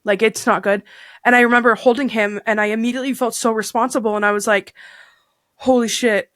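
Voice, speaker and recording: A woman's voice: fairly high pitch, steady tone, quick pace, fairly bright tone, no room sound, clean studio sound. A woman in her thirties chatting candidly as a podcast guest, rambling with fillers and restarts. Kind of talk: candid casual chat.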